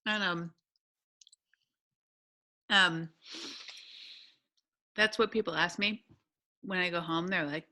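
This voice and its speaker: A woman's voice: lowish voice, steady tone, slow pace, long pauses, bright, forceful tone. A woman in her thirties from upstate New York, co-hosting a casual podcast chat, laughing often and rambling cheerfully. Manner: laughs often, chatty and self-deprecating. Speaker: podcast co-host.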